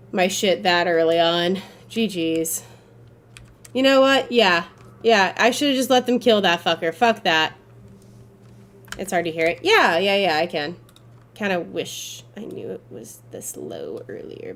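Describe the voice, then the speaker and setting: A young woman livestreaming a game, talking in a loose, casual way to her chat. She swears freely and mutters her thoughts as she plays. When things go wrong she jumps into loud, exasperated outbursts before settling back down. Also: on the low side, slight background noise. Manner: casual and chatty, swears, flares up loudly when frustrated. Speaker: streamer. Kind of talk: live gameplay commentary.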